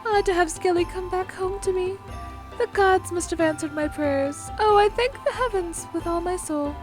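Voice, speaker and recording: A woman voicing a gentle, fussing elderly grandmother who dotes on her grandson. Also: very high voice, normal speed, faint music behind, pitched above the performer's own voice. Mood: grateful.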